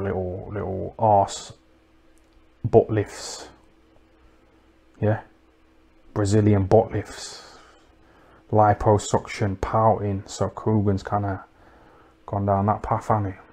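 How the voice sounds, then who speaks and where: A man doing a rambling comic monologue, deadpan and crude, mocking people and tacking "innit" and "you know what I mean" onto his lines. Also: on the low side. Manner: deadpan, crude and mocking, full of tag questions. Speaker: comedic livestream host.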